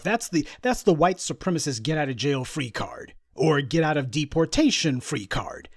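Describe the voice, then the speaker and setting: A man with a fairly high voice delivers sarcastic political commentary, sliding into mocking imitations. The sound is dry and close, with no room around it. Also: lively intonation, moderate pace, few pauses, no room sound. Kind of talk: monologue commentary on news clips.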